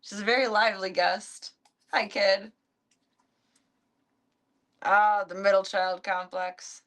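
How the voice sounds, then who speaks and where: A woman's voice: mid-range voice, fairly even intonation, slow, long pauses, a bit bright. Woman, live streamer, casual chat, talks to her cats and dogs, amused and baffled, at home. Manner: chatty, talking to her pets, amused and baffled.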